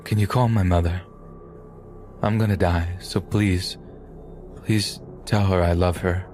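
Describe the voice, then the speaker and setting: A man's voice: low-pitched, steady tone, a little mellow, soft background music. A man doing a frightened injured young guy. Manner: shaky, halting, tearful. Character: badly injured 20-year-old man, scared, pleading.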